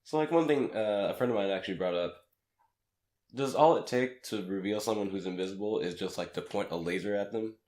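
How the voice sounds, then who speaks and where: A man slightly raspy from a cold, rambling through a casual podcast chat as co-host and laughing at his own jokes. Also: lowish voice, brisk, darkish tone. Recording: echoey room.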